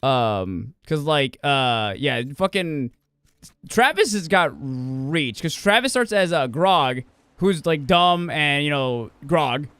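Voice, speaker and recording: Animated high-voiced man rambling on stream. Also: slow pace, clean tone, dry recording, clean studio sound. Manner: rambling, profane, laughing, self-correcting. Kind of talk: casual gaming stream chat.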